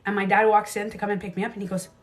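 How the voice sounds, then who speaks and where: A woman in her thirties hosting a casual livestream, telling her own stories candidly, swearing freely and jumping into quick asides. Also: mid-range voice, level tone. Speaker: beauty coach livestream host.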